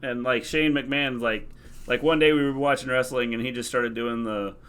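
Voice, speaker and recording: A man co-hosting a casual livestream, speaking at a middling pitch. He weighs things up in a measured way and hedges his opinions instead of stating them flat out. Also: clean tone. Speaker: co-host of a wrestling recap stream.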